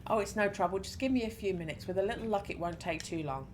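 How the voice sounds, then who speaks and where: A woman's voice: mid-range voice, fast, slight background noise, close to an everyday voice. A woman reading as a kind shop assistant. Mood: helpful. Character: kind, obliging female record shop assistant.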